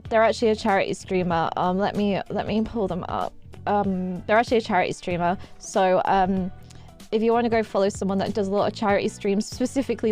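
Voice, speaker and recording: A woman streaming live, chatting in a rambling, excitable way, repeating herself and giggling. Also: mid-range voice. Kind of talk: casual livestream chat.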